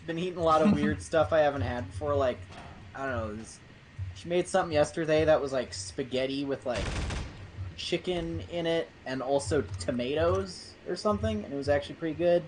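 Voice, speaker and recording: A man's voice: a little high, fairly quick, background noise. A man chatting casually with friends on a game stream, telling loose, jokey stories. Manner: jokey, animated storytelling. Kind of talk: casual chat.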